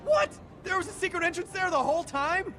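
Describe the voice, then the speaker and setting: An actor playing a jumpy, excitable young man in a video game, exclaiming over every surprise. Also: extremely high pitch, fairly quick, exaggerated voice. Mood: amazed. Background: game music.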